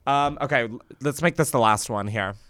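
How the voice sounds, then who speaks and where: A woman's voice: rumbling low, fairly quick, fairly bright tone, a little hiss or hum. A woman co-hosting a comedy podcast in a giggly, rambling way, often breaking off mid-sentence. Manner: giggly, rambling, self-interrupting. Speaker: podcast co-host. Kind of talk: casual comedic chat.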